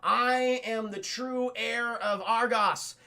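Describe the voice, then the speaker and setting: An earnest young prince, voiced by a man declares himself in stiff, formal phrases. The delivery is upright and rough-edged, with a bright, gravelly tone. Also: very high voice, fairly even intonation, takes it slowly, heavily acted.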